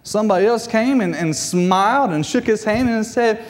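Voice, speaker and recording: Guy preaching in a church, high voice, long hall echo. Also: measured pace. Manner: repeats phrases, animated pitch swings. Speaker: guest preacher. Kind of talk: sermon. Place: church sanctuary.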